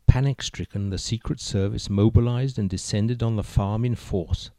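Low-voiced man telling a joke story. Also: fairly even intonation, moderate pace, few pauses, dark tone, dry recording.

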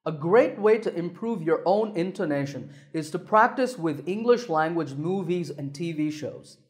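A man teaching English pronunciation in a clear, deliberate scripted lesson, slowing down to sound out example words. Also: on the high side, expressive.

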